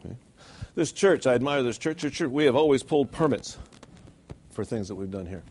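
A man preaching a sermon in a church, animated and rhetorical, often checking in with "okay?". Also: medium pitch, brisk, husky, dry recording. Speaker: pastor.

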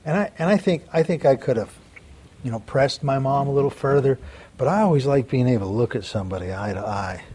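A middle-aged man preaching a sermon, telling a personal story in an earnest way, repeating words and swinging between soft and loud. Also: mid-range voice, lively intonation, a little fast, breathy edge.

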